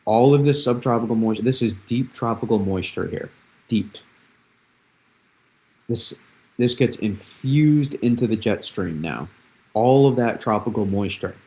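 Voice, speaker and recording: A man's voice: on the low side, darkish tone, poor audio. A young man hosting a live weather analysis stream, explaining patterns with repeated phrases and frequent restarts. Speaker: weather forecaster, host.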